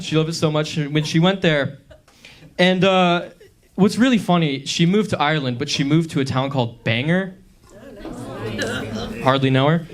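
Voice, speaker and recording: Young man doing a stand-up set. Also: on the high side. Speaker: stand-up comedian. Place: comedy club stage.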